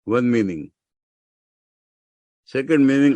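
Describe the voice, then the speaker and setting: Indian-accented male monk, unhurried scriptural discourse, mid-pitched, dry close recording. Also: animated, dry recording. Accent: Indian English. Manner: explains Sanskrit terms word by word, with emphatic rises.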